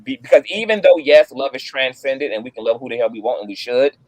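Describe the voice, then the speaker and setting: Guy hosting a chat, emphatic, gets loud and passionate, dry close sound. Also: medium pitch, expressive, quick pace, no room sound, low-quality recording. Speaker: host. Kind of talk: casual discussion.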